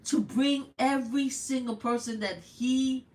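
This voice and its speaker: An older woman with a New York accent, hosting a live stream and giving blunt, animated political commentary full of rhetorical questions. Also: high-pitched, unhurried. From United States.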